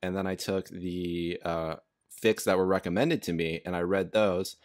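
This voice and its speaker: A man's voice: low voice, fairly even intonation, normal speed. A man hosting a casual podcast chat, rambling along with frequent laughs and fillers. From United States. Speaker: podcast host.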